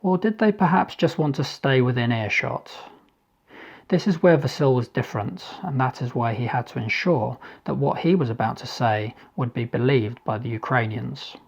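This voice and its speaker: A man narrates his own thriller audiobook at a steady, measured pace with a mid-range voice. His reading is calm and deliberate. The recording has a slightly dull, lo-fi sound. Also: medium pitch, creaky, husky. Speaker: author reading his novel. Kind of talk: scripted narration.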